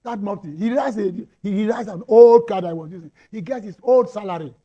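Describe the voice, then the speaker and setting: Nigerian guy ranting on a talk panel, high pitched, husky and kinda dark tone, lots of who-are-you questions. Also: brisk, highs cut off. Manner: impassioned, rhetorical questions, repeats for emphasis. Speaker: panel guest. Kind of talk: heated panel debate.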